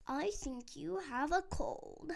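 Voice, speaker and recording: A child playing a calm cat doctor. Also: sits high, slow pace, creaky, very noisy, full character voice.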